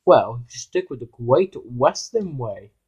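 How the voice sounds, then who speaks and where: A man's voice: mid-range voice, sing-song, measured pace, darkish tone, husky, dull audio. A man doing a prim, fussy little engine. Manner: prim, lecturing. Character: fussy, proud male tank engine.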